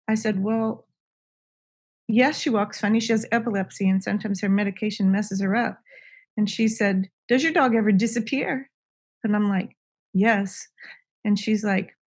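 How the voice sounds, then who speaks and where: A woman's voice: mid-range voice, darkish tone. Woman telling a story, full of ums. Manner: conversational, many ums and restarts. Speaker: podcast guest. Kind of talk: casual storytelling.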